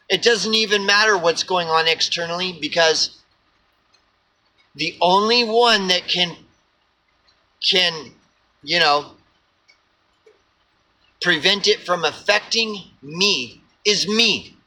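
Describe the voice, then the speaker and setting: A man's voice: high voice, sharp tone, slight background noise, poor audio. A man from Oklahoma with an Oklahoma accent, giving a blunt, profane, preachy rant to camera and repeating himself for emphasis. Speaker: vlogger. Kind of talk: ranting monologue to camera.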